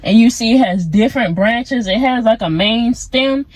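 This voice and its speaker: A young woman talks outdoors in a laid-back, rambling motivational vlog and keeps drifting into side thoughts. Her voice sits fairly high. The sound is close and dry. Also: normal speed, darkish tone, no echo, poor audio. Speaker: vlogger. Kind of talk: casual motivational chat. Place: outdoors among plants.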